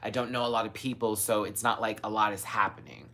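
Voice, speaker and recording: A man hosting a casual live stream, gushing and chatty, with sudden high squeals of excitement. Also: quick pace. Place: home, in Los Angeles.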